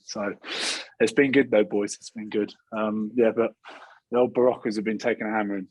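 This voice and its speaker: A man's voice: medium pitch, steady tone, fairly quick, a little mellow, husky, no room sound, low-quality recording. A man in his thirties from Scotland, a rugby player and regular co-host, bantering and rambling cheekily over a video call. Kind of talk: casual chat.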